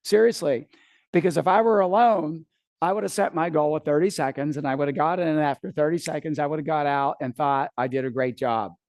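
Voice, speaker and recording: A man's voice: fairly high pitch, a little fast, darkish tone, no room sound. A middle-aged man telling a story from a seminar stage, acting out his own panic and swearing casually. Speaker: seminar speaker. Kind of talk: live seminar talk.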